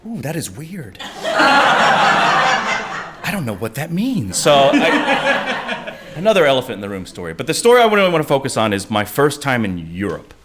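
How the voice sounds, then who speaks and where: A man from the United States telling a personal story on stage, animated, often laughing, and jumping into high voices for the people he quotes. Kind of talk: live storytelling.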